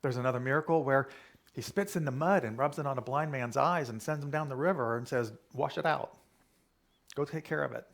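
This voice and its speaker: A man preaching a sermon in a relaxed, chatty manner. He keeps coming back to one phrase and talks to the congregation as if in conversation, at a middling pitch. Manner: conversational, repeats key phrases. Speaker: minister.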